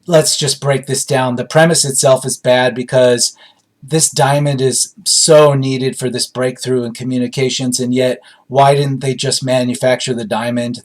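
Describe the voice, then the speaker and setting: Rambling man reviewing a film, amused. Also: medium pitch. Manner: rambling, amused, many fillers and restarts. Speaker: movie reviewer. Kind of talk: casual spoken film review.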